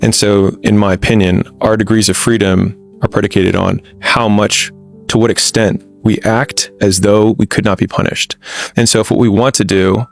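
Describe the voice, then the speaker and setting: A man speaking frankly in relaxed podcast conversation, telling stories bluntly with frequent restarts. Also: lowish voice, normal speed, gravelly, soft background music. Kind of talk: candid conversational storytelling.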